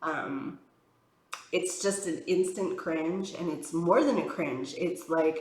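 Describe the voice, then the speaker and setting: A woman's voice: sits low, slow, a little mellow, slight background noise. Chatty woman rambling with fillers in an echoey room. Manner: frank and exasperated. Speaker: tarot reader. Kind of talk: casual chatty vlog while doing makeup.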